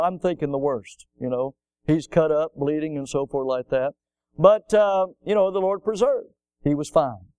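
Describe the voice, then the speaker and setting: A middle-aged man preaching a sermon, his voice a little high and smoothly resonant. He drives his points home with rising emphasis and breaks into homey stories for the congregation. The sound is close and dry, with little room around it. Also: no echo. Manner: emphatic preaching, rising to loud peaks, asking the congregation "Amen?"; folksy storytelling asides. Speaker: pastor.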